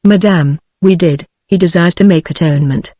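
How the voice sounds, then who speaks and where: A text-to-speech woman's voice with a British English accent reads the lines of a courteous male nobleman in a flat, even manner. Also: fairly low pitch, normal speed, no echo, clean studio sound, lightly acted. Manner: flat, even synthetic reading.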